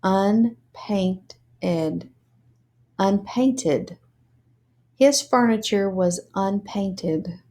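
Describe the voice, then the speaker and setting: Slow, deliberate woman reading teacher. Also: mid-range voice, warm tone. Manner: spells words letter by letter and sounds out syllables.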